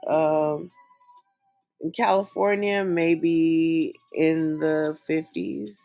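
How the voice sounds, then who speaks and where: A woman co-hosts a relaxed talk show in an unhurried, chatty way. Her voice is slightly low and has a gravelly edge. She laughs easily, and faint music plays behind her. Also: muffled recording. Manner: laid-back, chatty, laughs often. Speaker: podcast co-host. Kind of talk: casual chat, reading listener letters aloud.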